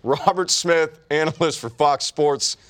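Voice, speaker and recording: A man's voice: a little high, a little slow. A young adult man co-hosting a sports talk show, brash and profane, ribbing his co-host in casual banter. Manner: brash, profane, mock-insulting.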